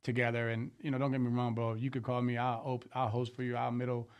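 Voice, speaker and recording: A man's voice: mid-range voice, monotone, quick pace, smooth, muffled recording. A male stand-up comedian in casual conversation, talking in a laid-back, profane, reflective way and calling his friend "bro". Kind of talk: casual podcast chat.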